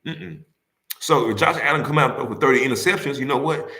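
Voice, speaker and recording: A man's voice: mid-range voice, brisk, vocal fry, bright, forceful tone. Heated man talking sports in an echoey room. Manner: heated, repetitive, rhetorical questions to the audience. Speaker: sports talk livestream host. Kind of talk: casual sports talk, arguing with fans.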